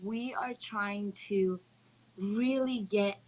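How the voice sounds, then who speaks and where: A woman's voice: medium pitch, takes it slowly, a little mellow, poor audio. A woman hosting a live online show, upbeat and speaking straight to her viewers. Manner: upbeat, addresses viewers directly. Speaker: host. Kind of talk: casual livestream hosting.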